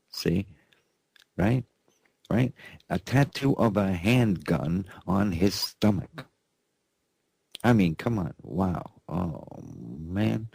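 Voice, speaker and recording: Gravelly, drawling male radio host. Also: deep voice, darkish tone, no room sound. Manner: folksy and sarcastic, with constant "right? okay?" asides. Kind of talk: talk radio news commentary.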